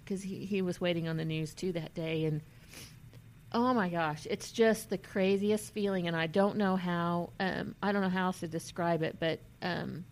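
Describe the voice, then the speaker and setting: A woman earnestly telling a personal story in a halting way, with many restarts, and at times emotional and near tears. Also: lowish voice, slight background noise. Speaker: vlogger.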